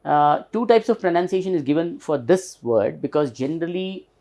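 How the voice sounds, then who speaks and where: A man with an Indian English accent teaching a lesson, slowly repeating and stressing the example words. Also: fairly high pitch, vocal fry, mellow. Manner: slow, repeats example words several times; stretches and stresses the demonstrated words. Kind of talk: recorded classroom lesson.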